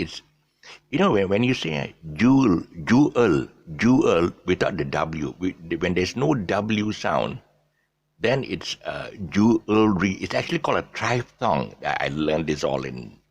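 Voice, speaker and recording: Deep gravelly guy, middle-aged, teaching pronunciation, voice jumps up and down a lot. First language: Eurasian family speaking English as mother tongue. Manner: rambling, repeats words many times, drops into soft asides. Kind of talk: off-the-cuff pronunciation lesson.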